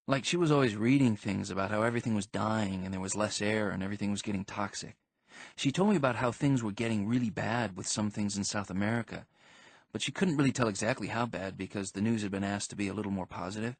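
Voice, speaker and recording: A man's voice: on the low side, dry recording. A man narrating a first-person audiobook in a rambling, slangy teenage manner. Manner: slangy, rambling teen storytelling.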